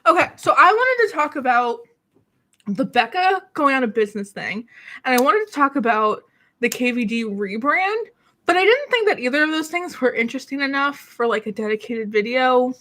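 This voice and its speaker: A beauty YouTuber chats casually on her home vlog from a small city apartment alcove, rambling and poking fun at herself while sounding a little out of breath and coughing now and then. Her high-pitched voice swings widely in pitch and comes across bright and forceful at a normal speed.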